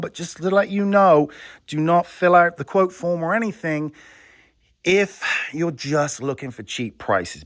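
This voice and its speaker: A man's voice: a little high, a bit bright, no room sound, clean studio sound. Blunt, sarcastic man ranting. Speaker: video transfer business owner. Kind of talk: ranting vlog monologue.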